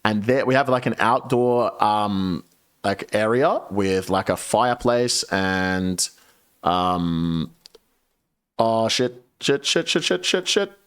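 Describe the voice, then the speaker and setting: A man's voice: on the low side, slow pace, smooth. A young man telling a sweary story while streaming a game. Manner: sweary, animated, lively storyteller. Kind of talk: casual storytelling while gaming.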